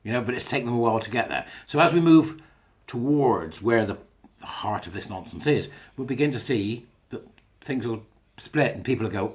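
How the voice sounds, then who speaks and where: A man's voice: medium pitch, animated, normal speed. Blunt man riffing solo. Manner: blunt, jokey, laughs at his own jokes. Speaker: podcast host. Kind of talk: casual monologue.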